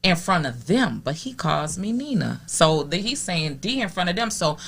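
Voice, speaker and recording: Woman from minneapolis way, lowish but bright voice, storytelling, lots of laughing and acting out quotes. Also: normal speed, creaky, husky. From Minneapolis area, USA. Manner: animated, laughs often, acts out quoted voices. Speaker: podcast guest. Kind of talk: casual storytelling.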